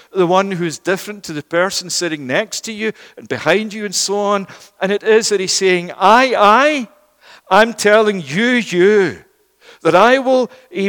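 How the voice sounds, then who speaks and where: Emphatic high-voiced preacher in a reverberant hall. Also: male voice, a bit bright. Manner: emphatic, repeats words for stress. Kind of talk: sermon. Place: church.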